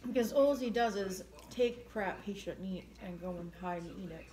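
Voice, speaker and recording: A woman's voice: mid-range voice, normal speed, mellow. A woman co-hosting a casual livestream, chatting with viewers and giggling through her stories. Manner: giggly, playful, squeals quoted lines. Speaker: livestream co-host.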